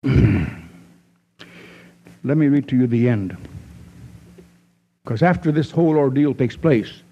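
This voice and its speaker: A man preaching a sermon, his voice rising to emphatic peaks and then dropping low and slow. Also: expressive. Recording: dull lo-fi recording.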